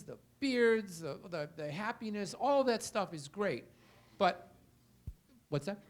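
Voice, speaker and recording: Guy with a high voice running through baseball what-ifs, asks himself questions. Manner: rhetorical questions, argumentative. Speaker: panelist. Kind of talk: sports analysis on a panel. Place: hotel event room.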